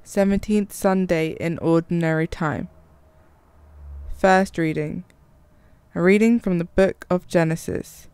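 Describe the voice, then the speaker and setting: Woman, liturgical Bible reading, very smooth resonant voice, dry close sound, measured delivery. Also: lowish voice, a little mellow, dry recording. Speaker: scripture reader.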